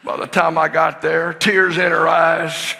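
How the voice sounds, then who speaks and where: An older man preaching a sermon, telling stories that swing from hushed to excited shouting. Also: a little high, unhurried, creaky. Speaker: pastor. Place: church sanctuary. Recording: long hall reverb in a church.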